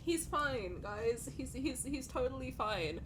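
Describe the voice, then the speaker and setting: A young woman on a live stream, high-voiced and swinging widely in pitch. She laughs and cries at once, swears freely, and talks in loose casual chat. A faint low rumble sits underneath. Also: slow. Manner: swears, laughs through tears, very expressive. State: crying.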